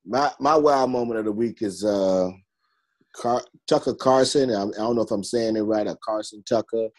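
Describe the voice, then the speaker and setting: Low, raspy-voiced man, blunt panelist in a loose group chat, halting with fillers. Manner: plain-spoken, blunt, hesitant fillers.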